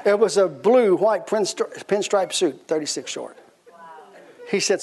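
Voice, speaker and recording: A man preaching a sermon, telling stories with animated energy, repeating his phrases and laughing as he goes. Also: high-pitched, unhurried, slight background noise. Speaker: pastor.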